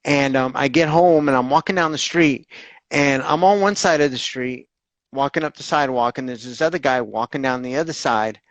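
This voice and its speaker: In an interview, a Southern Californian man recounts his own recovery, candid and animated, imitating other people's voices and swearing casually. His pitch is medium and his pace moderate, and the recording is dry and dull-sounding.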